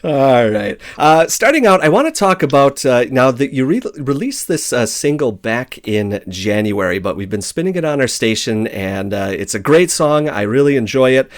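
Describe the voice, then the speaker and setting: A man's voice: mid-range voice, big pitch swings, moderate pace, hardly any pauses. A man hosting a rock radio interview, talking in a laid-back way with plenty of filler words. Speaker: radio host.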